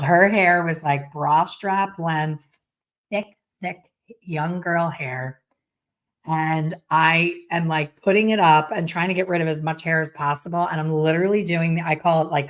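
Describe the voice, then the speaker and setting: A middle-aged woman, a hair colorist, telling a story to viewers in a blunt, animated way with some mild swearing. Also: sits low.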